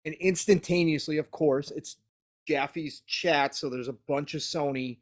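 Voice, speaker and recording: A man co-hosting a gaming podcast in a loose, chatty way. His voice sits a little high for a man, and he gets animated as he retells a long story quote by quote. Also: measured pace. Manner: animated, retells quotes at length with many "he goes". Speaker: podcast co-host. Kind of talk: casual gaming podcast chat.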